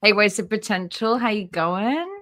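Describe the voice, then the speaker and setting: Woman, livestream host, chatty, bright clear tone, laughs a lot. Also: medium pitch, a little slow. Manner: chatty, greets viewers by name, laughs often. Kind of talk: casual livestream commentary.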